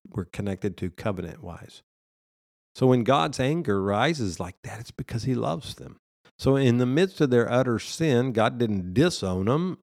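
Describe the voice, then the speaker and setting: Gravelly-voiced preacher, conversational. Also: male voice, lowish voice, a little mellow, no room sound, studio quality. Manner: conversational preaching with frequent laughs and restarts. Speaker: pastor. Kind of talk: sermon.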